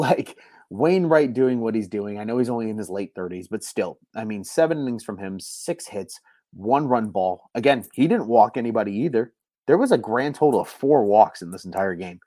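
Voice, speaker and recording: A man's voice: fairly low pitch, no echo. A young man hosting a late-night live stream from home, keeping his voice down so he won't wake the household, rambling and repeating himself as a frustrated fan. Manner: hushed voice to avoid waking people.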